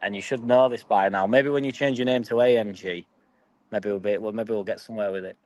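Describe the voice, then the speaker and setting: A man's voice: on the low side, fairly even intonation, brisk, darkish tone, low-quality recording. A young man with a Yorkshire accent chatting casually and swearing freely as he reads and answers his live stream chat. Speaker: football fan vlogger.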